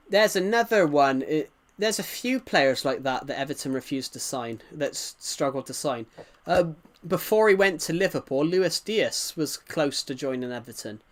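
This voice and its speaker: A man with an English-Welsh border accent, chatting casually on a livestream, rambling and answering viewers' comments. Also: fairly high pitch.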